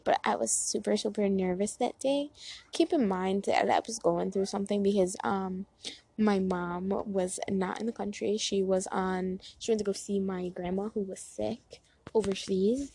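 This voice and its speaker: A woman's voice: medium pitch, darkish tone, husky, dry recording, rough recording. A woman in her twenties giving dating advice in a rambling, chatty way, full of fillers and asides, talking outdoors near a road. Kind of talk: casual chat.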